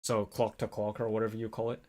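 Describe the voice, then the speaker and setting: A man vlogging in a casual, rambling storytelling way, animated when he quotes people. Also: lowish voice, quick pace. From North America. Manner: rambling, animated when quoting others, laughs often.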